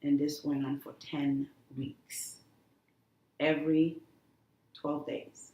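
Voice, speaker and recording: A woman's voice: deep voice, level tone, dark tone. Earnest woman talking in an echoey room. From The Gambia. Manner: earnest, halting, many restarts. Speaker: guest, cancer survivor. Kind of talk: emotional interview talk.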